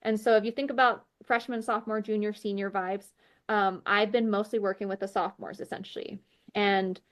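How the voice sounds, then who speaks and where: A woman's voice: medium pitch, a little fast. A woman sharing a personal faith testimony as a podcast guest. She talks earnestly with lots of fillers and acts out the dialogue she recounts. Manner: animated storyteller who acts out quoted dialogue; heavy use of "like" and "you know" fillers.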